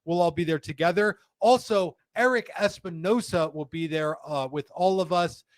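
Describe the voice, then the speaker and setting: A man hosting a live stream, talking in a chatty, rambling and animated way. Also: high-pitched, normal speed, no echo. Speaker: host.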